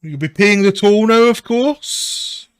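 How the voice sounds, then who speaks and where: A man voicing a cheerful bandit leader who greets travelers brightly and demands a toll, in a high, loud, falsely polite voice. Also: takes it slowly, clear, resonant tone. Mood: falsely cheery.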